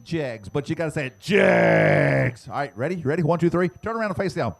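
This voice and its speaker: A man announcing prize giveaways to the crowd at an outdoor dirt racetrack, teasing fans and shouting to get them to answer. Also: a little high, lively intonation. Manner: loud, teasing, drawn-out shouting. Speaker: track announcer giving away prizes.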